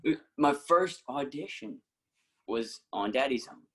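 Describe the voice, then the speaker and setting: Husky-voiced man telling lively stories. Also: mid-range voice, unhurried, low-quality recording. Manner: animated anecdotes, acting out quotes, frequent laughs. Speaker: actor and musician, guest. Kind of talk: casual storytelling.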